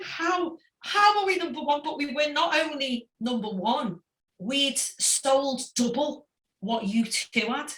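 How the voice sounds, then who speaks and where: A woman's voice: high voice, distant mic. A woman guest on a podcast, telling stories animatedly and laughing often. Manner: animated, laughs often, acts out voices in anecdotes. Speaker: podcast guest, former girl-band singer. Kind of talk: casual storytelling interview. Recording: echoey room, voice off-mic.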